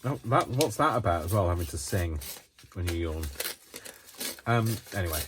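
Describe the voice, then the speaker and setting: Man, very low voice, casual craft chat, rambling, hesitant, frequent yawns. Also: lively intonation, normal speed, background noise. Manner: rambling and hesitant, many ums and restarts; yawns often while talking. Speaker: craft vlogger.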